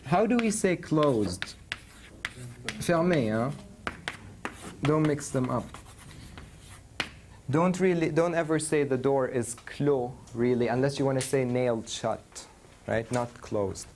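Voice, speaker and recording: A man's voice: mid-range voice, slow pace, pauses often, a little mellow, slight background noise. A man teaching a university French class, mixing English and French and checking in with his students.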